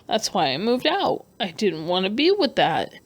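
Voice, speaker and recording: A young adult woman vlogger talking earnestly and emotionally in a halting personal rant over her speed painting. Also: mid-range voice, huge pitch swings. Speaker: artist vlogger.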